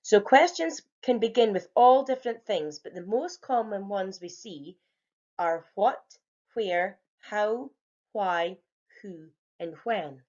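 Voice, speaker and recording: Speaking slowly and expressively in a mid-range, slightly mellow voice, a young primary teacher explains grammar at a whiteboard for young children learning at home. She stays clear, patient and encouraging, and the recording is lo-fi.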